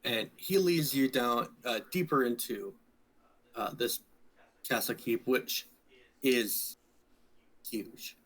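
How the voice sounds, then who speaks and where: A man narrating a tabletop role-playing game as dungeon master, describing scenes slowly with frequent fillers. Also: medium pitch, rough recording. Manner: slow, relaxed narration with fillers.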